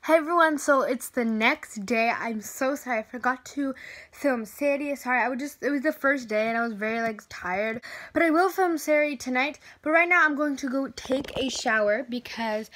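A woman's voice: high voice, moderate pace, a bit bright. A teenage girl chatting casually in a vlog on a handheld phone, bubbly and slangy. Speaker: vlogger. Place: home and stores, filmed on the go.

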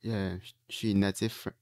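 A French-speaking man from Quebec with a Quebec French accent, chatting casually on a live stream while drawing and thinking aloud in halting phrases full of fillers. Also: lowish voice, level tone, darkish tone, dry recording, clean studio sound.

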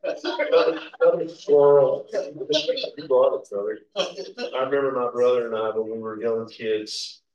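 Folksy preacher in an echoey church. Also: male voice, mid-range voice, lively intonation, unhurried, a little mellow, lo-fi sound. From Kentucky, USA. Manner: folksy, chuckling, calls out amens. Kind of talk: informal sermon with personal stories. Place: church sanctuary. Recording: echoey church hall, distant mic.

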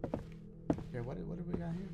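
A man's voice: on the high side, moderate pace, vocal fry, muffled recording, over loud music. A man doing let's play commentary on a game, slangy and joking, talking to the viewers. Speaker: gaming YouTuber.

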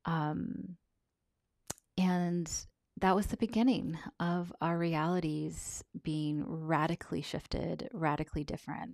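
A woman telling a personal story in a soft, halting, reflective way, often close to a whisper and on the verge of tears. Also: low voice, vocal fry, no room sound. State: tearful, on the verge of crying. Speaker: vlogger sharing a personal account.

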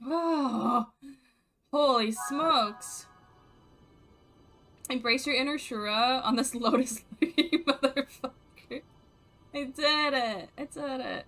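A young woman giving casual, joking gameplay commentary as a streamer, with bursts of excitement. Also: high voice, slow pace, long pauses, soft background music, poor audio. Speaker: let's play streamer.

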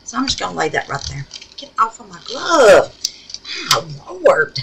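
A woman's voice: fairly low pitch, sing-song, unhurried, vocal fry, heavy background noise. A woman with a Southern US accent hosting a resin craft tutorial at home, folksy and chatty, calling viewers babies and honey as she works. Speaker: resin craft channel host.

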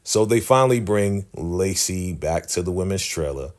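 A man giving a chatty, animated recap of a TV episode. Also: sits low, moderate pace. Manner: chatty, animated, laughs often. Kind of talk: casual TV recap.

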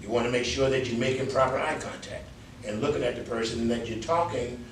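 A man's voice: medium pitch, fast, slight background noise. New York man giving class feedback. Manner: candid, conversational, mimics filler words while correcting. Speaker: public speaking instructor. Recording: echoey room, mic from a distance.

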